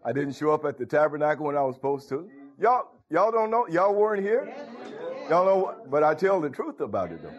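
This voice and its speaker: A man's voice: a little high, very animated, brisk. Folksy preacher man, lo-fi recording. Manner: folksy, calls out to congregation members by name. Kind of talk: informal sermon to a small congregation.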